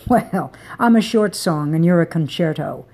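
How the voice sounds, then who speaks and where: Audiobook: blunt, teasing young woman, husky low voice, voiced by the reader. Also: expressive, normal speed, darkish tone. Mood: playful. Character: young woman, frank and playful lover.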